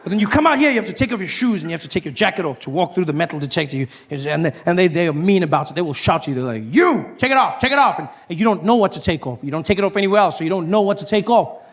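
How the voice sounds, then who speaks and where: A man performing a stand-up comedy routine, animated, slipping into shouted high voices for the characters he acts out. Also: racing, hardly any pauses.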